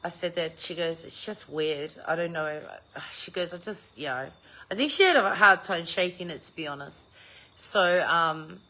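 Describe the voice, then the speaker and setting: Aussie mum type, middle-aged, lowish voice, chatty, swears a lot, animated storyteller. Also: female voice, normal speed. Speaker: vlogger chatting live with viewers. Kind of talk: casual chat.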